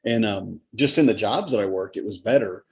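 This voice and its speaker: Husky low-voiced Southern man on a muffled mic. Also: fairly quick, darkish tone. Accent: Southern American. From American South. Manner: chatty storyteller, acts out quotes. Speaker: podcast co-host. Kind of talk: casual chat. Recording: dull, muffled sound.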